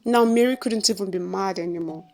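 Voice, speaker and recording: A woman with a Nigerian accent, narrating a folktale in an expressive storytelling style. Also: mid-range voice, fairly quick, vocal fry, faint music behind.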